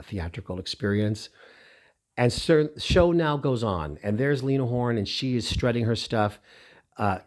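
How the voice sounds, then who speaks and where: Middle-aged guy telling his own story, kinda low voice, gets all lively and emotional. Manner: animated, emotional, lively retelling. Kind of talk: personal storytelling.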